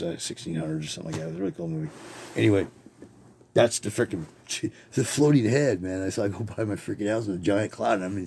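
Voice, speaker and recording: A man's voice: deep voice, gravelly, a little mellow, slight background noise. A man hosting a podcast, telling rambling personal stories in a casual, profane way and laughing often. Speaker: podcast host.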